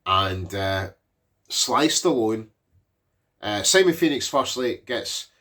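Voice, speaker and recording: A man's voice: on the low side, animated, takes it slowly, a bit bright. A man in his forties giving a casual, rambling film recap, swearing freely and leaning on fillers. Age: 40s. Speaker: movie reviewer.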